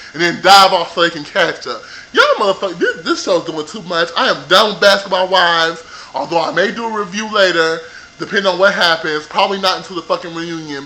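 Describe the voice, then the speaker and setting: A man with a high, bright voice rants about television, sassy and heavy with profanity. He talks straight into a computer mic in a loose, animated monologue. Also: poor audio. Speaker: vlogger reviewing a reality show. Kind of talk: casual ranting review.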